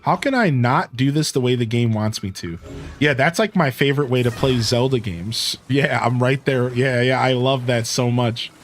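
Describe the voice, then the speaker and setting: A man streaming a game, giving casual commentary and telling stories, chatty and animated, full of "like" and "dude". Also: mid-range voice, normal speed, a little hiss or hum.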